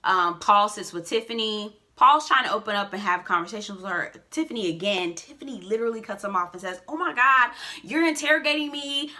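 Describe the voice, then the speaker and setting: A woman giving a casual, sassy recap of a reality show, with expressive asides and big swings in pitch. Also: brisk, few pauses.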